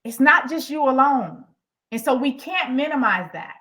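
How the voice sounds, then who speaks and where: A middle-aged woman, an executive coach, telling a story in an animated, emphatic way as she speaks directly to her workshop audience. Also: high-pitched, moderate pace.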